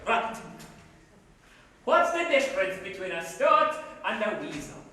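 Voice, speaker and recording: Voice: medium pitch, very animated, measured pace, pushed and bright. An actor playing a male recruiting clerk who was once a music-hall comedian, stammering and repeating his jokes on a live stage. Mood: joking. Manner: stammering, joke-telling, repeats phrases. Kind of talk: live amateur stage acting. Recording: echoey hall recording from far off.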